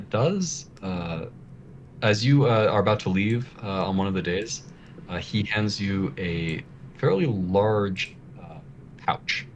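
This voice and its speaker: A man's voice: fairly low pitch, a little hiss or hum. A man narrating as game master of a tabletop game, speaking hesitantly with many filler words.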